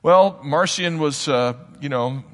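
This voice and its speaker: A man's voice: a little high, slow pace. A man preaching a sermon in a church, in a conversational, explanatory manner with frequent asides. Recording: long hall reverb.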